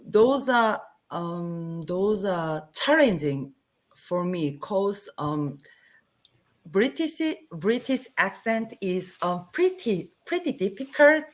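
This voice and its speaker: A woman's voice: medium pitch, very animated, slow. A woman learning English on a video call, hesitant and searching for words with many fillers. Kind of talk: online tutoring conversation.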